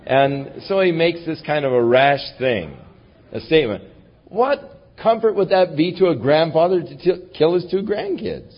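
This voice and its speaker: A male pastor delivering a sermon with emphatic swings between booming declarations and hushed passages. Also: lively intonation, moderate pace. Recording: dull lo-fi recording.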